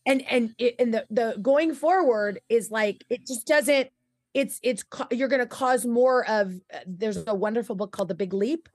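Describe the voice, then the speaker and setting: A woman with a fairly high voice, chatting casually as a podcast co-host. She rambles and slips into little acted-out bits of her own inner voice. The sound is close and dry. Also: normal speed, a little mellow, dry recording. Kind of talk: casual conversation.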